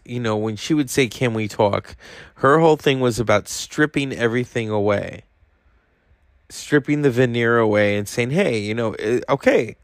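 A man's voice: mid-range voice, creaky, no echo. A tired man hosting a podcast, talking in a casual, rambling monologue and swearing freely. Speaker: podcast host.

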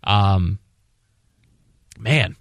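A man's voice: low-pitched, very slow, no room sound. A man hosting a sports radio show, talking passionately and rambling with restarts. He grew up in the Washington D.C. area. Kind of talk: casual sports talk.

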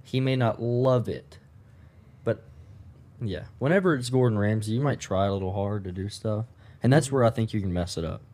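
A young man hosts a casual podcast among friends. His voice sits a little low and sounds mellow and warm. He talks in an easygoing, relaxed way. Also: normal speed. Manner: relaxed, easygoing, wraps up the show. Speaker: podcast host. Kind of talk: casual chat.

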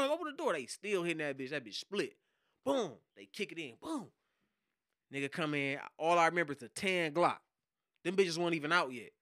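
A man, a podcast guest and hip hop producer, telling a story in casual, profane slang and acting out loud shouted quotes. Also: a little high, no room sound, studio quality. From Detroit.

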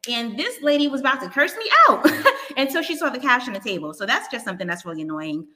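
Woman caller, bright high voice, giggly, warm. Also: animated, quick pace.

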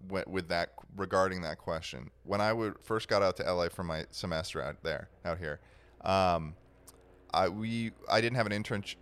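A man's voice: sits low, moderate pace, fairly bright tone, clear, resonant tone. A young man in casual chat, rambling with many restarts and fillers.

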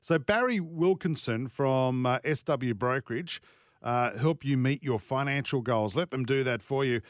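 A man's voice: mid-range voice, normal speed, no room sound, studio quality. An Australian man hosting a casual radio show, chirpy and joking with his guests. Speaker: radio host. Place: radio studio. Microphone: studio mic.

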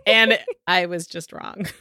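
A woman co-hosting a podcast, giggly and animated, telling stories with self-deprecating humor. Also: mid-range voice, normal speed, dry recording, studio quality. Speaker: podcast co-host. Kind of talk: casual podcast chat.

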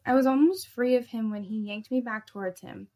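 Woman reading first-person erotic fiction, soft and intimate, with a gravelly fry. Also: on the high side, brisk. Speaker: story narrator.

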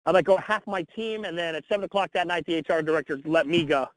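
A man in his forties with a high voice talks bluntly and with energy, swearing casually as he tells his story. The sound is close and dry, with no room around it. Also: quick pace, no echo, poor audio. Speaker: guest. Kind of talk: candid interview storytelling.

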